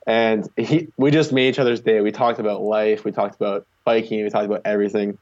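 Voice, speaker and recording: A young Canadian man tells his road stories in a loose, rambling way, packing every sentence with "like". His voice sits a little low. The recording sounds slightly muffled and dull. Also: fairly even intonation, a little fast, a little mellow. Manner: rambling, heavy use of "like" fillers. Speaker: guest, long-distance charity cyclist. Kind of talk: casual storytelling interview.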